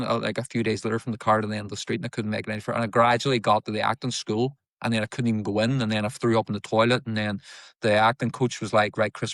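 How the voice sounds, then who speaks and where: A man's voice: lowish voice, fairly bright tone, no room sound. A man, an actor guest, telling candid stories in an interview, emphatic and repetitive, swearing now and then.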